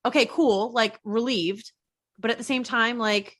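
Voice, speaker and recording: A woman's voice: a little high, fairly even intonation, measured pace, bright, forceful tone. A pregnant woman hosting a casual conversation, chatty and laughing as she acts out her own past thoughts. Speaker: podcast host.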